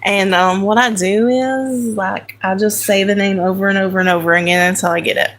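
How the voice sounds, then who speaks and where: A woman's voice: mid-range voice, fairly even intonation, fairly quick, a bit bright. A woman with a country accent, chatting casually with viewers on a livestream while she sorts crayons. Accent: American country. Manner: chatty, talks to viewers by name, self-correcting. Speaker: livestream host. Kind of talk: casual live chat while sorting crayons.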